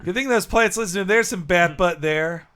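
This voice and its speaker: A man's voice: high voice, a little fast, pushed and bright. A man co-hosting a casual movie commentary podcast, tossing out wry, joking asides. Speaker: podcast co-host.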